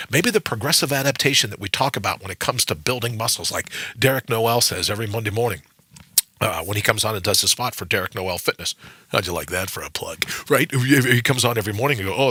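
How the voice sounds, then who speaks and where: A man's voice: medium pitch, sharp tone, slightly rough, no room sound. A middle-aged man hosting a motivational morning radio talk show from a studio, preaching with energy and acting out quoted voices.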